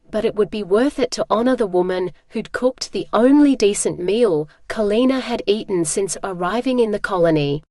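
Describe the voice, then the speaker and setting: Woman reading a novel, steady and even, dead dry mic. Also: medium pitch, dry recording. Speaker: audiobook narrator. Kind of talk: scripted narration.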